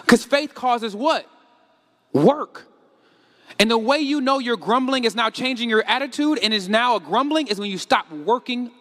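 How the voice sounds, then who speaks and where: A man pastor preaching a sermon, animated, acting out the complaints of his congregation. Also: sits high. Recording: long hall reverb.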